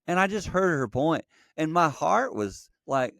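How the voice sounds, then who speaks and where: A man's voice: a little high, big pitch swings, unhurried, vocal fry, a bit bright, no room sound. A middle-aged man telling a personal story earnestly, acting out quoted dialogue, as a podcast guest. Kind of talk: conversational storytelling.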